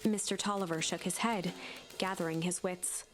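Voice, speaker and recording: Hushed woman narrating a storybook game. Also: on the low side, fairly even intonation, normal speed. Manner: hushed, drops into a whisper at tense moments. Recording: game narration over loud music.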